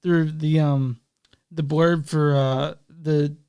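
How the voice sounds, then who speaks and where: A man co-hosts a relaxed podcast, rambling through his points with plenty of fillers and casual swearing. His voice is smooth and resonant, sitting a bit higher than most men's. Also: takes it slowly, no echo. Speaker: podcast co-host and editor.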